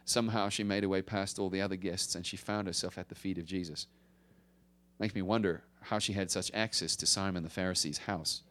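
A male pastor preaching a conversational sermon, swinging from emphatic rises to hushed drops. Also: low voice, steady tone, fairly quick.

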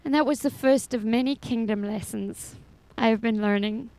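A woman's voice: a little high, normal speed, a little mellow, no room sound, poor audio. A middle-aged woman giving a personal faith testimony as a foster mother, telling her story expressively and laughing often.

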